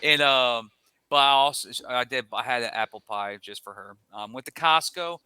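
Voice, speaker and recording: Bright, crisp-voiced male podcast co-host. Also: mid-range voice, moderate pace, dry recording. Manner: rambling storyteller with frequent restarts. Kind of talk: casual podcast chat.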